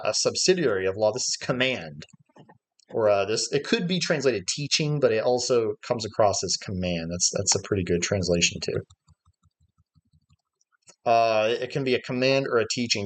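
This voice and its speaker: Man teaching a Bible study, mid-pitched. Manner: explains Greek words step by step, thinking aloud with frequent "uh" fillers. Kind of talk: livestreamed Bible study lesson. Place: church livestream.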